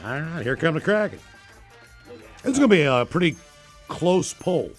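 A man's voice: a little high, very animated, normal speed, soft background music. A man co-hosting a comedy radio show, upbeat and playful with callers. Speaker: radio co-host.

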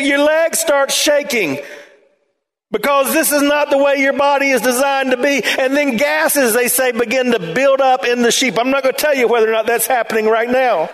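A man pastor preaching a sermon in an animated way, his voice climbing toward near shouts at times. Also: very high-pitched, normal speed.

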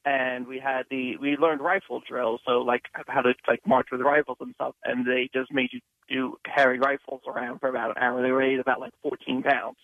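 A man's voice: medium pitch, little pitch movement, normal speed, no room sound. Matter-of-fact male caller on phone. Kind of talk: casual chat. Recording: tinny phone line.

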